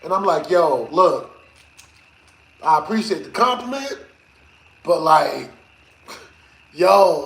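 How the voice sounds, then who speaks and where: A man live-streaming, telling a rambling story to his chat in a slangy, animated way with frequent laughs. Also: fairly high pitch, slow, creaky, long pauses. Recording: roomy echo.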